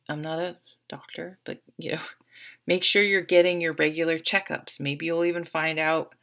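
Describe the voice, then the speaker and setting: Low gravelly woman reading tarot. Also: a bit bright. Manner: chatty, encouraging, lots of fillers. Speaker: tarot reader. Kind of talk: casual tarot reading to camera.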